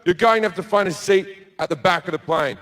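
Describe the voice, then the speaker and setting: Man doing a stern flight attendant woman, brisk, officious, high-ish voice, stand-up bit. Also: a bit bright. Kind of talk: stand-up comedy.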